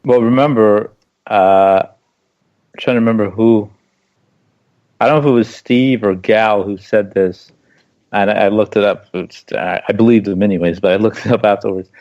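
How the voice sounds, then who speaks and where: A man's voice: on the low side, fairly even intonation, moderate pace, darkish tone. Impassioned man on lo-fi audio. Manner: impassioned, argumentative, repeats phrases for emphasis. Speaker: co-host. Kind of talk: casual political discussion. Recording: dull lo-fi stream audio.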